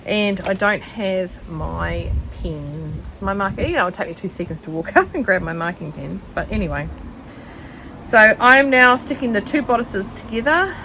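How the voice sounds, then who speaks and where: A woman's voice: mid-range voice, lively intonation, moderate pace, gravelly, noisy background. A middle-aged woman with a New Zealand accent, vlogging casually as she sews outdoors on a shaded deck, rambling and joking at herself with lots of ums. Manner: rambling and self-mocking, with many ums. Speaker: sewing vlogger. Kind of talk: casual chatty vlog.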